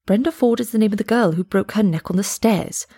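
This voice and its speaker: A woman voicing a stern man who scolds a guest, with a husky, gravelly voice. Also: medium pitch, fairly quick, mellow, no echo, clean studio sound, pitched above the performer's own voice. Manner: stern, reproachful. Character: stern older male host, scolding.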